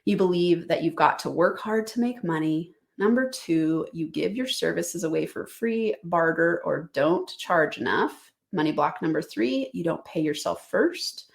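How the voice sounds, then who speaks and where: A woman's voice: on the low side, vocal fry. Upbeat woman coaching listeners. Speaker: podcast host and business coach. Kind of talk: motivational solo podcast.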